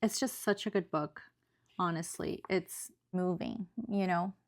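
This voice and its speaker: A woman's voice: fairly low pitch, a little slow. A woman giving an earnest, emotional book review in a casual, chatty way, often checking in with tag questions.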